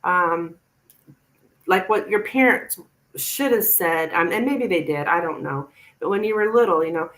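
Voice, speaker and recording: A woman's voice: lowish voice, moderate pace, a bit bright, poor audio. A woman tarot reader giving a chatty, reassuring live-stream reading to a viewer.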